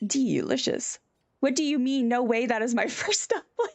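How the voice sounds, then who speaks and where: A woman streamer chatting casually on a live stream, animated and giggly. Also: high-pitched, brisk, crowd noise.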